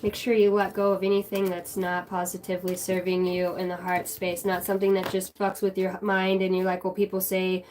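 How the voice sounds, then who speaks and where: A woman's voice: lowish voice, completely flat delivery, a little fast, hardly any pauses, darkish tone, a little hiss or hum. A woman giving a collective tarot reading on a livestream, talking in a loose, meandering way with casual swearing and many fillers. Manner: casual, meandering, swears freely, talks to chat. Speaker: tarot reader streaming live.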